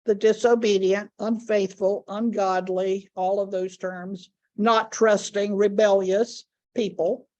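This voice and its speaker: A woman teaching a Bible study lesson, speaking deliberately and repeating key words for emphasis. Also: medium pitch, level tone, mellow.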